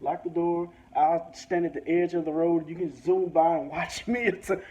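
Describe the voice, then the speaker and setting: A man's voice: fairly high pitch, moderate pace. A man telling a story as a rant, swearing freely and acting out both sides of the conversation. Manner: profane, animated, acts out both sides of conversations. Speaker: vlogger. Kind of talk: ranting storytelling. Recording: dull lo-fi sound with faint background hiss.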